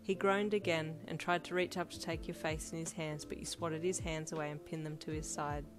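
A woman's voice: deep voice, flat delivery, fairly quick. Woman narrating fan fiction over music. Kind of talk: second-person fan fiction audiobook narration. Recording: loud music bed under voice.

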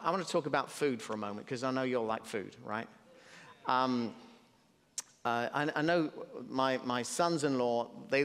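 British pastor preaching in a reverberant hall. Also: male voice, medium pitch, a bit bright. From Britain. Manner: conversational preaching with humorous asides. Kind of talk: sermon.

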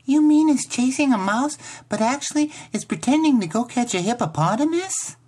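Little six yr old girl, high and breathy, all wonder, storybook reading. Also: lively intonation, moderate pace, darkish tone. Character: six-year-old girl, little sister, earnest and wide-eyed.

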